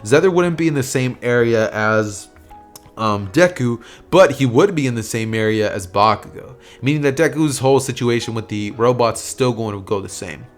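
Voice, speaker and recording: A man's voice: mid-range voice, normal speed. A man narrating an anime fan story in a casual, rambling way with plenty of fillers. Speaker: YouTube storyteller. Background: soft music.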